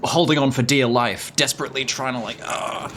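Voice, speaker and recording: A man's voice: medium pitch, fairly even intonation, brisk, noisy background. A man with an English accent streaming a game, chattering casually in a profane, rambling, ranting way.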